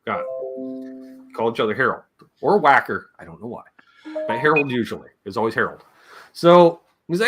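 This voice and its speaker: A man telling casual stories as a livestream guest. His voice is bright and very animated, and the stories ramble along, full of jokes and quick imitations of his relatives. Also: medium pitch, soft background music.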